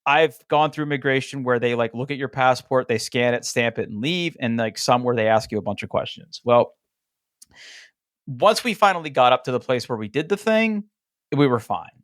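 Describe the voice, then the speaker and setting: A man co-hosting a relaxed podcast, telling an animated story in a medium-pitched voice. He fills his sentences with casual fillers and acts out the dialogue of the people in his story. The recording is dry and close, with no room sound. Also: moderate pace, no room sound. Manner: frequent "like" fillers and restarts. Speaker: podcast co-host. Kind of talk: casual chat.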